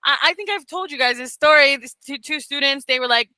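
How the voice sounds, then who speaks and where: Bright, animated woman mentoring teachers. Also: sits high, a little fast, no room sound, poor audio. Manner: animated, laughs often, swears casually. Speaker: mentor for beginner English teachers. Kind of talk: casual teaching talk on a video call.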